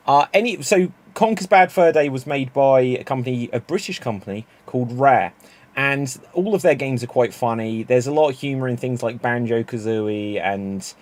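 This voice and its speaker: Male improv host, chatty and rambling, mid-pitched voice. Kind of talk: casual livestream hosting.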